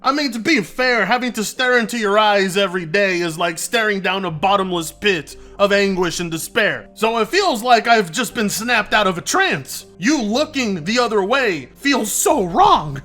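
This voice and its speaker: A man's voice: high voice, expressive, moderate pace, few pauses, pushed and bright, soft background music. A man doing sarcastic, mocking reaction commentary on a video clip. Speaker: commentary YouTuber.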